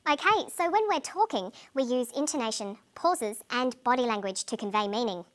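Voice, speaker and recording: A woman with a slightly high voice narrates a scripted English lesson. She explains each point clearly and plainly. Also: animated, moderate pace, a bit bright, soft background music. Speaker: English teacher.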